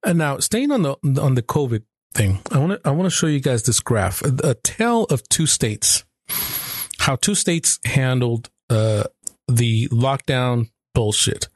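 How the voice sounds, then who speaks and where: A man's voice: mid-range voice, sing-song, a little slow, no room sound. A man hosting a talk show, casually walking viewers through a chart.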